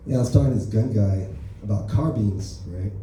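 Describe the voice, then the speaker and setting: Male comic at an open mic, dark mellow voice, very echoey club, heard from afar. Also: on the low side, fairly quick, far from the mic, slight background noise. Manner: loose, offhand, full of "right?" and "you know". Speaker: stand-up comedian.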